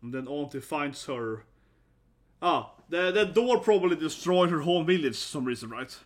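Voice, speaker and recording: A man's voice: a little high, lively intonation, normal speed. A man giving live reaction commentary, laughing often and exclaiming, tagging his lines with "right?" and "man". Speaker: reaction video host.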